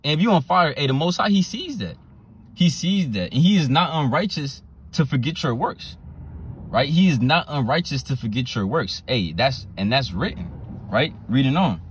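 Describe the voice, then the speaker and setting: A man preaching a sermon, repeating his phrases and reading scripture verses slowly and deliberately. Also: mid-range voice, big pitch swings, slight background noise. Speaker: street preacher.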